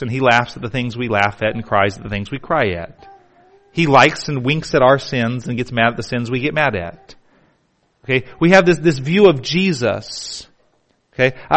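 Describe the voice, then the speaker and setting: A male pastor, preaching a sermon with drama, dropping to hushed tones and then building to emphatic repetition. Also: medium pitch. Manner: dramatic, shifts from hushed to emphatic, repeats words.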